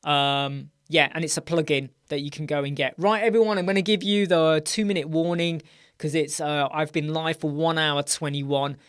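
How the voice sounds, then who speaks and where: His voice is a little high, smooth, and fairly bright, delivered flatly at normal speed. This tired British man runs a live Q&A stream, wandering off topic, correcting himself, and checking in with "right?"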